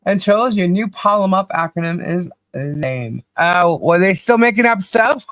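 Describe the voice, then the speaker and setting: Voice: medium pitch, sing-song, slow, a bit bright, no echo. A podcast co-host chatting casually on a livestream, cheerfully calling out viewers' names and laughing often.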